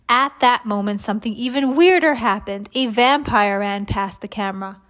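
A woman reading a children's chapter book aloud, lively, with small slips she corrects. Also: mid-range voice, moderate pace, hardly any pauses.

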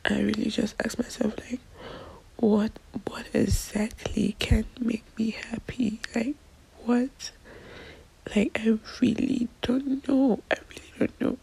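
A woman's voice: a little high, level tone, gravelly, mellow, husky, rough recording. Crying woman whispering a phone diary. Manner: whispering, halting, trailing off.

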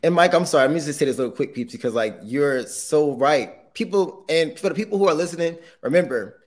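A man's voice: fairly high pitch, lively intonation, fairly quick. A man co-hosting a podcast in casual chat, speaking in an affirming way to listeners. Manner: affirming, calls listeners "baby". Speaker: podcast co-host.

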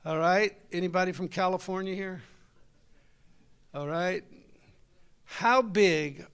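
A man's voice: high voice, takes it slowly, gravelly, fairly bright tone, smooth. A middle-aged man, preaching a folksy, conversational sermon and talking with his congregation.

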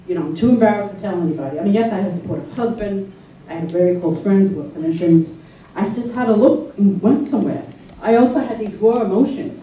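A woman shares a personal story with an audience in a loose, conversational way and keeps checking in with her listeners. Her voice is dark and mellow. She is picked up by a distant mic in a very echoey room with a faint hum of noise. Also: medium pitch.

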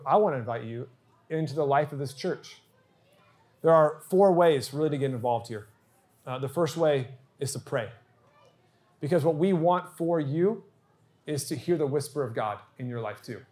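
A man's voice: a little high, darkish tone. Earnest man pastor preaching. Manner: earnest, acts out quoted dialogue. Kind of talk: sermon storytelling.

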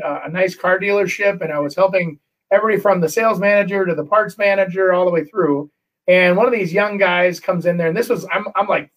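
A middle-aged man, a real estate agent, telling a story in casual chat, animated and full of restarts. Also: high-pitched, far from the mic, dull audio. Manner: animated, acts out quotes, many restarts.

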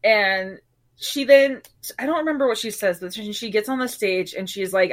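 A young woman co-hosting a casual recap chat, chatty and quick to laugh, acting out characters' lines as she goes. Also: medium pitch. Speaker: podcast co-host.

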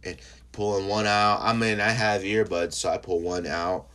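Deep-voiced rambling podcast host. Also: male voice, steady tone, normal speed, bright, forceful tone, clear, resonant tone. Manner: rambling and profane, full of fillers. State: high. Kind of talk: casual solo podcast monologue.

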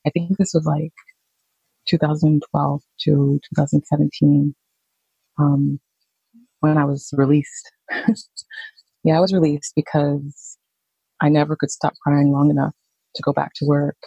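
A woman, a nurse, slowly telling her own story in a halting, reflective way. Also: deep voice, flat delivery, gravelly, mellow, slightly rough, no room sound, low-quality recording. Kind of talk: personal storytelling.

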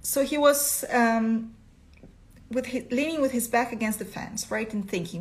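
Expressive woman reading a story aloud. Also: fairly high pitch, unhurried, slight background noise. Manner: expressive, asks listeners questions. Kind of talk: storytelling lesson.

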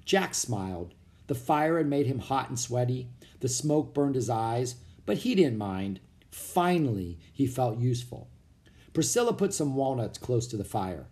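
Male narrator, children's read-aloud, mid-pitched, very lively inflection. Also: a little slow. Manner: expressive storytelling. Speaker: audiobook narrator.

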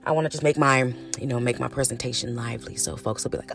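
A woman's voice: very deep voice, steady tone, quick pace, creaky, soft background music. Chatty, cussing middle-aged woman podcaster. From California. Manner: chatty, frank and cussing, calls listeners honey and baby. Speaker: podcast host. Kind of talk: casual solo podcast monologue.

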